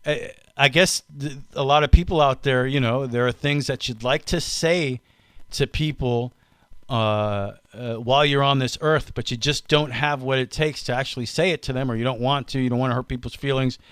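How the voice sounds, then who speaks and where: A man's voice: mid-range voice, fairly even intonation, moderate pace, a bit bright, clean tone, no room sound. A man co-hosting a podcast in casual chat, telling stories with joking acted-out quotes. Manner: jokey storyteller, acts out quotes. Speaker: podcast co-host.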